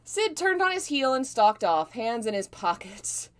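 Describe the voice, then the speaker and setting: Woman reading a story live, amused, with an animated, expressive pitch; she interrupts herself with comments. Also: measured pace, clean tone. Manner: amused, laughs and breaks off to comment. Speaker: fanfiction reader.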